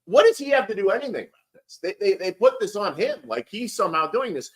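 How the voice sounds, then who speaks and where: A man's voice: high voice, very animated, fast talker. A man giving rambling, heated political commentary on a casual livestream, swearing and restarting often.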